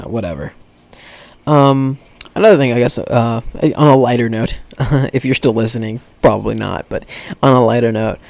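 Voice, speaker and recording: A man's voice: medium pitch, vocal fry, a little mellow. A young man hosting a solo podcast, rambling and swearing casually, often laughing at his own stories. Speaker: podcast host. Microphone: podcast microphone.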